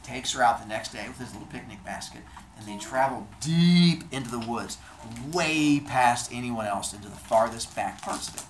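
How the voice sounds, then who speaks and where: A man's voice: medium pitch, lively intonation, normal speed. A man retells old myths in a playful, chatty comic style, his voice rising and falling with lots of animation. The recording has a roomy echo and a faint background hiss. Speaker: storyteller. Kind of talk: casual comedic storytelling of myths.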